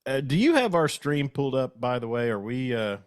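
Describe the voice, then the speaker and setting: A man's voice: mid-range voice, sing-song, fairly quick, smooth, dry recording, studio quality. A man co-hosting a casual sports show stream, rambling and correcting himself as he goes. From Western Oklahoma. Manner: rambling, self-correcting, chuckling.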